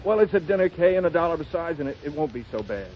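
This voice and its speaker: A man's voice: a little high, animated, fast, lightly acted. A man playing a wry, stammering broke actor. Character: broke young male actor, joking and sheepish. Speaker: struggling actor, husband. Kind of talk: 1930s radio acting. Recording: dull 1930s radio broadcast, light hiss.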